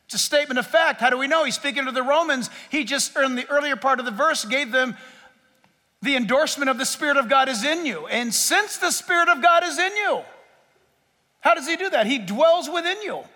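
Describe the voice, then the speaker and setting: A man preaching a sermon as a pastor, in an animated, joking way that speaks straight to the crowd. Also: extremely high pitch, fairly quick. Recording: long hall reverb.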